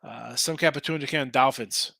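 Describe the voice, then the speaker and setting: Fairly quick and medium-pitched, this man's sharp voice carries vocal fry in a dry recording. He hosts a sports betting stream, chatting casually as he reads comments from viewers, addressing the chat directly and going off on rants.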